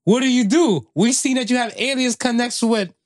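A man's voice: very high-pitched, moderate pace, no echo, studio quality. A man from Canada co-hosting a podcast in casual chat, slangy and rambling with lots of fillers and restarts. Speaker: podcast co-host.

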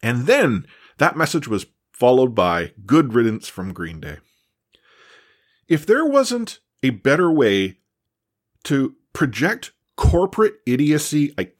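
A man hosting a podcast and giving impassioned commentary, indignant and stammering at times. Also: mid-range voice. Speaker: podcast host. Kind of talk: opinion commentary.

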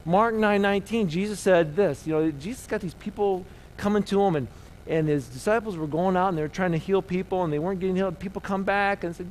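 A middle-aged man preaching a sermon as pastor, swinging between loud emphasis and soft, hushed lines. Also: high voice, brisk, slight background noise, rough recording.

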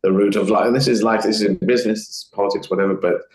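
A man's voice: on the low side, fairly even intonation, racing, reverberant, poor audio. A man talking casually as an interview guest, rambling and acting out quoted voices. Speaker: comedian guest.

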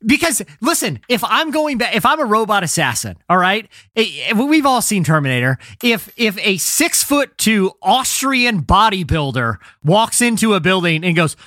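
Lively high-voiced man riffing. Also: moderate pace, few pauses, dry recording, clean studio sound. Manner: animated, rambling, acts out silly voices. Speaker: show guest ranking TV shows. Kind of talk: casual comedic podcast chat.

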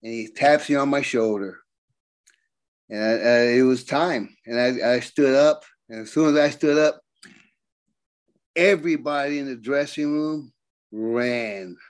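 An older man, a guest on a podcast, telling wrestling road stories in casual, animated talk, acting out the quotes. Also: mid-range voice, measured pace, pauses often. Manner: animated storyteller, acts out quotes. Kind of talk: casual storytelling.

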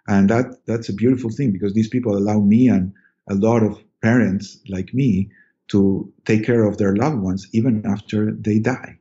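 Man, middle-aged, podcast guest, halting storytelling, repeats words, dark warm tone, lo-fi sound. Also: fairly low pitch, steady tone. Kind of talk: casual interview storytelling.

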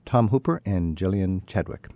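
Male radio host, lowish voice, dry studio, keeps asking eager follow-ups. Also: expressive, dark tone, no echo. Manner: curious, asks quick follow-up questions. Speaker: radio travel show host. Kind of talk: radio interview. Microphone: studio mic.

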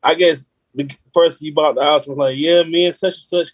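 A man's voice: fairly high pitch, fairly even intonation, fairly quick, dry recording. A man co-hosting a podcast, telling rambling stories with laughs in casual chat.

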